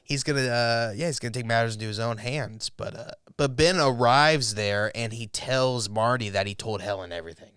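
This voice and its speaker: A man co-hosting a podcast, casually retelling TV episodes in a rambling, animated way, with swearing and quoted lines. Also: mid-range voice, normal speed, hardly any pauses, clean tone, no room sound, clean studio sound. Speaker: podcast co-host. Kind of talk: casual TV review chat.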